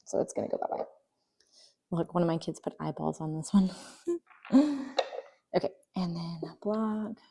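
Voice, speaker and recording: A woman's voice: fairly low pitch, lively intonation, unhurried, creaky, long pauses, mellow, husky. A young woman chatting casually while sorting her kids' toys, often trailing into near-whispers. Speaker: vlogger. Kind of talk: casual voice-over while decluttering.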